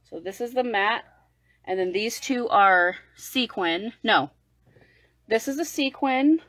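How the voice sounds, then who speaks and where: A woman talks through a makeup unboxing at her desk in a casual livestream. She gushes with excitement, and her pitch jumps all over the place. Now and then she drops to a hushed whisper. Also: takes it slowly, no room sound, poor audio. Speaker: beauty vlogger.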